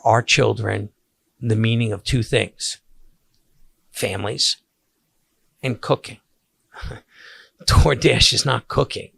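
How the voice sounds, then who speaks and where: Older Long Island man as podcast host, gravelly and bright, husky, casual storyteller. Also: medium pitch, no room sound. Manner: animated storyteller with many restarts.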